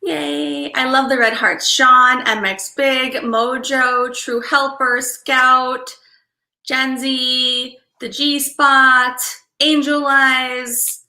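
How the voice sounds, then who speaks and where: A woman hosting a casual livestream, greeting viewers by name, thinking out loud and apologizing often. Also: sits high, flat delivery, drawn-out words, reverberant. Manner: apologetic, drops to mutters and whispers. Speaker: livestream host.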